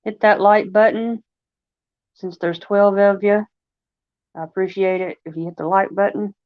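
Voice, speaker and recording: A woman's voice: mid-range voice, fairly even intonation, unhurried, no room sound. A woman with a Long Island accent hosting a casual livestream, chatting in a rambling way full of fillers. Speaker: livestream host. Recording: dry, slightly dull lo-fi recording.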